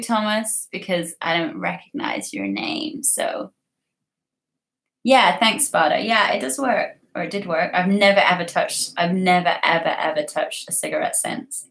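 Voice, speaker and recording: A woman's voice: on the low side, vocal fry, a bit bright. A young woman hosting a casual livestream, chatting and giggling as she reads viewer comments. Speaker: livestream host. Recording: roomy echo.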